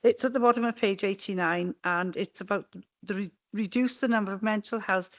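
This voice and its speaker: A woman's voice: mid-range voice, brisk. Female councillor, questioning in council, direct and probing.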